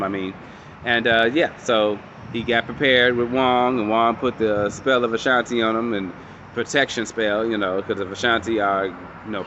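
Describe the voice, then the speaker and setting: Against a noisy background, a man at medium pitch walks through a show episode in a casual review. He tells it with animation, performs the characters' lines, and curses without holding back.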